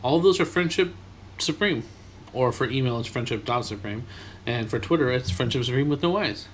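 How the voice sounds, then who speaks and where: A man's voice: mid-range voice, expressive, a little fast, slight background noise. Easygoing male podcast co-host. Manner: easygoing, rambling with fillers. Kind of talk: casual chat.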